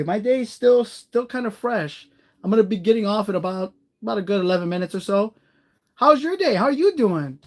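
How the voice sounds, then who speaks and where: Male streamer, relaxed and rambling, talks straight to his chat. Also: high voice. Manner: chatty, rambling, greets viewers by name; warm-hearted, encouraging. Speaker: live streamer. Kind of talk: casual live-stream chat.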